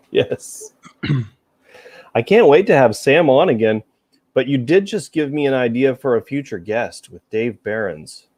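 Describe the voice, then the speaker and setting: A man's voice: mid-range voice, expressive, slow pace, long pauses, darkish tone, no echo. A man hosting a casual chat show, rambling and self-deprecating, with a faint Southern American accent. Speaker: podcast host.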